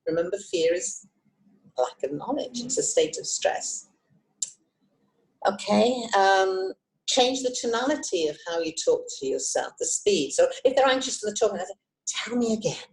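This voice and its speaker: A woman hypnotist and trainer teaching self-help techniques on a video call, expressive and encouraging. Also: mid-range voice, moderate pace, rough recording. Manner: lively, expressive, encouraging, with frequent asides. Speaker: hypnotist and emotional intelligence trainer.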